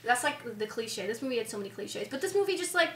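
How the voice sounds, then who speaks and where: High-voiced animated woman, echoey room. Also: fast talker, recorded from a distance, a little hiss or hum. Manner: animated, swears freely, mimics characters. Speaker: podcast co-host. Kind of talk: casual movie chat.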